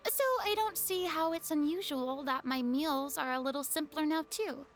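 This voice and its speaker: A woman's voice: sits high, moderate pace, slight background noise, close to an everyday voice. A woman voicing a proud, theatrical young female former goddess in a video game, speaking in a haughty, dramatic manner. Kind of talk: game dialogue.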